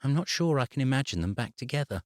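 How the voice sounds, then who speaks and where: A fretful grown daughter worrying about her parents, as a male narrator reads her in a lifted voice. The lines lean upward in pitch and swing widely, in a dry, close storybook recording. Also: big pitch swings, fast, no echo, natural voice. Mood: anxious. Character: woman, anxious adult daughter Susie.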